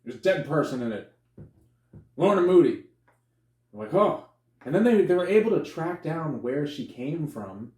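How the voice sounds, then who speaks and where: A man co-hosting a podcast, chatting casually about a movie and acting out scenes with sudden high yelps. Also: moderate pace, pauses often. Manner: animated retelling, acts out characters with sudden high yelps, swears freely. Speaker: podcast co-host. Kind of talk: casual movie review chat. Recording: echoey room.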